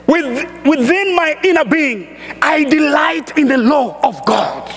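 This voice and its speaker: A man preaching a sermon and reading scripture, speaking emphatically and building to shouted exhortations. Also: very high-pitched. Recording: echoey church hall reverb.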